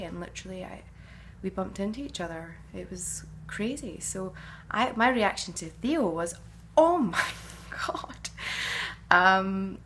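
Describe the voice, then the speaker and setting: A woman's voice: mid-range voice, a bit bright, a little hiss or hum. A middle-aged woman, an actress answering fan questions in a casual, chatty way, musing and often hesitating.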